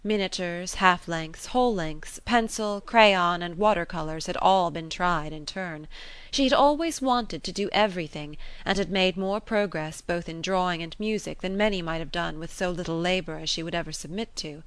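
A woman narrating a classic novel aloud in a steady, measured reading. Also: lowish voice, smooth, dry recording. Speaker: audiobook reader. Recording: dry close recording.

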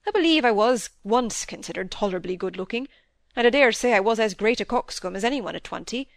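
A woman's voice: fairly high pitch, animated, fast talker, no room sound. A woman reading aloud as a dry-witted, stern middle-aged male country doctor in a storybook. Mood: wry. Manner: wry, then sternly lecturing.

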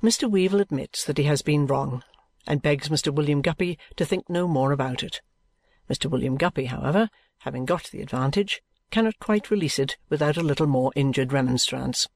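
An audiobook reader narrating a classic novel in a measured, even storytelling manner. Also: mid-range voice, no echo.

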